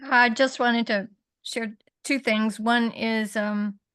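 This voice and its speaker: A middle-aged or older woman on a video call, telling a personal story in an animated way. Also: a little high, slow, smooth. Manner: animated storyteller, laughs often. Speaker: community call participant.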